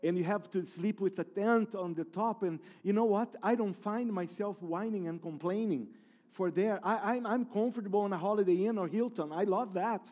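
High-voiced emphatic male preacher. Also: moderate pace, darkish tone. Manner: emphatic preaching with repeated phrases and restarts. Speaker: pastor. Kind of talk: sermon.

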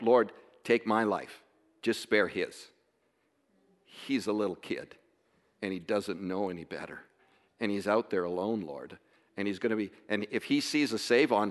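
A man telling a family story in a casual way, emotional and halting, with many restarts. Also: mid-range voice, in a large hall.

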